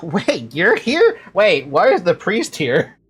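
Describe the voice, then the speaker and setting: Low-voiced swearing woman streamer. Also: wildly swooping pitch, takes it slowly, slightly rough. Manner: swears casually, reacts loudly. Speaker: game streamer. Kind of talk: casual gameplay commentary.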